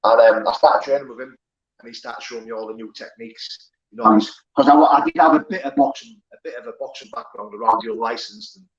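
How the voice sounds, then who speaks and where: A man's voice: medium pitch, fast talker, dull audio, crowd noise. A man, candidly telling his life story as an interview guest, swearing and rambling with many fillers. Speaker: guest, former prisoner turned pro fighter.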